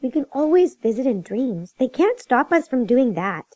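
A woman's voice: high voice, big pitch swings, moderate pace, a little mellow, no room sound, pitched above the performer's own voice. A woman putting on a fiery little girl's voice. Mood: wistful. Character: spirited seven-year-old girl, stubborn and fiery.

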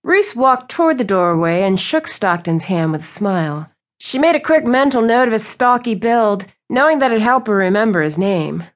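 A woman reading a romance novel aloud as an audiobook narrator. Her storytelling is smooth and even. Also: medium pitch, normal speed. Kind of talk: scripted narration.

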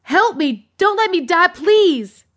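A woman voicing a terrified man hanging from a cliff, screaming shrill pleas for help in an audiobook. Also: animated, slow pace, fairly bright tone, exaggerated voice. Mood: panicked screaming.

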